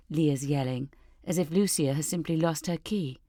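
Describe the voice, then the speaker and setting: A woman narrating an audiobook in a measured, deliberate way. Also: sits low, warm tone, dry recording, clean studio sound. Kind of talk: scripted narration.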